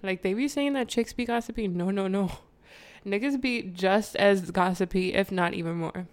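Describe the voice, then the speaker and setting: A woman's voice: medium pitch, fairly even intonation, normal speed. A woman vlogger telling a candid, slangy story to her viewers, laughing often and wandering off on side remarks. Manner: chatty, digresses, addresses viewers.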